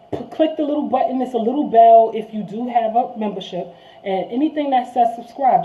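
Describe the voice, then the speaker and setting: Fast-talking New woman, tinny sound. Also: mid-range voice, a little hiss or hum. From New York. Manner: fast, animated street talk, addresses viewers as y'all. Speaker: vlog host. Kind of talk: casual monologue to viewers. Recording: tinny phone-like audio.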